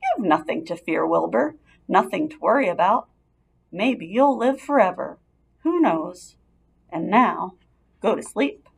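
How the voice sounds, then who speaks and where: A woman voicing a calm, kind female spider, speaking softly and measuredly in a storybook reading. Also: mid-range voice, gravelly, slightly rough, heavily acted. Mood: reassuring. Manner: soft, measured, soothing.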